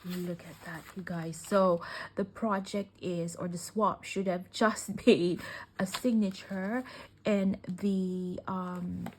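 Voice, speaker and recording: Woman vlogger, teary and gushing, slow delivery, drifts into whispers, faint hiss. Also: lowish voice, fairly even intonation. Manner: gushing, emotional, often dropping to a soft whisper. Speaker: craft vlogger. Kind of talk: casual unboxing chat.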